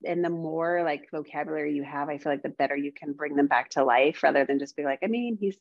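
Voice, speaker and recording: A woman's voice: deep voice, little pitch movement, fast talker, vocal fry, no room sound. A woman guest talking casually on a podcast, rambling and filling her speech with "like". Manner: rambling, heavy use of "like". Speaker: guest, developing medium. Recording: dull lo-fi sound.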